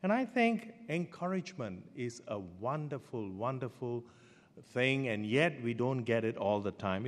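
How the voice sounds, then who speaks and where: A man preaching a sermon as pastor, telling stories with animated swings in pitch and loudness. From Singapore. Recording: long hall reverb.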